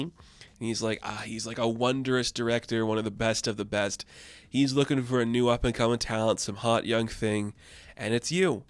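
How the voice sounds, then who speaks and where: Brief: enthusiastic male comic reviewer, loose chatty delivery, mid pitch, dry close sound. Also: clean tone, no echo. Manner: chatty, filler-heavy, enthusiastic. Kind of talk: casual video comic review.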